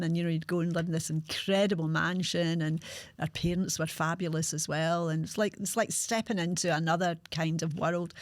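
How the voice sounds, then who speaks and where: A woman in her sixties with a Glasgow accent, hosting a podcast and telling her own life story frankly, with halting restarts. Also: fairly low pitch, dry recording. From Scotland. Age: 60s. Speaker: podcast host. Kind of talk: candid personal storytelling.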